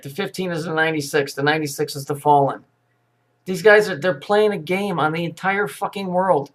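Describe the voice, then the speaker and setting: A man's voice: a little high, fairly even intonation, moderate pace. Crude, sarcastic man ranting. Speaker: commentator reacting to news clips. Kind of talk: profane ranting commentary.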